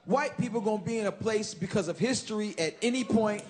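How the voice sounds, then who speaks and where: A man from Chicago performing an animated, profane stand-up set on a comedy stage, shouting his punchlines. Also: high-pitched, a little fast. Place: comedy stage before a laughing live audience. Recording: loud live room noise.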